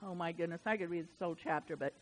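A woman preaching a sermon in church. She swings from hushed asides to loud, emphatic bursts. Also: lowish voice, fast. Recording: reverberant church hall.

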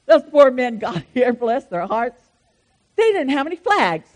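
A woman preacher, delivering a fervent sermon that swings between loud declarations and soft asides. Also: high-pitched, sing-song, unhurried. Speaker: pastor.

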